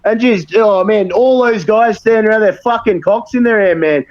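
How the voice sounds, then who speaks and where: A man with a high voice, getting worked up and swearing constantly as he rants on a podcast. The audio sounds dull and lo-fi. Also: moderate pace, darkish tone. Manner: profane, worked up, ranting. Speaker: wrestler guest. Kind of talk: heated casual podcast chat.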